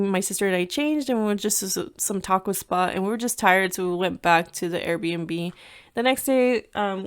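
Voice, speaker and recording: A woman in her thirties from the United States talks through her own podcast in a relaxed, chatty way. She leans on "like" and drops Spanish phrases into her English as she tells stories. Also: medium pitch, clear, resonant tone. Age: 30s. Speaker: podcast host. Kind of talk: casual solo podcast storytelling.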